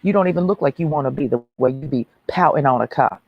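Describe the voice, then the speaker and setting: A woman's voice: extremely low pitch, quick pace, no room sound, highs cut off. A woman ranting on a livestream in a brash, mocking, preachy way.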